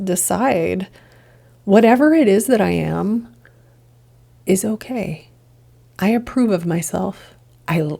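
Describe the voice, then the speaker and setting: A woman's voice: mid-range voice, mellow. A woman hosting a podcast, musing earnestly in a reflective solo monologue full of rhetorical questions. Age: adult, past childhood and drinking years. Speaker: podcast host, integration coach.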